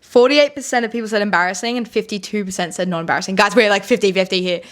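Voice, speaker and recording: A young woman co-hosting a podcast in casual chat, candid and quick to swear, with many fillers. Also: medium pitch. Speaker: podcast co-host.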